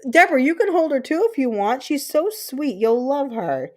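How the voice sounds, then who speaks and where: A woman's voice: sits high, normal speed. A woman in her thirties hosting a live stream, chatting casually and telling stories with lots of swearing. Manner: animated, profane storytelling. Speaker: livestream host.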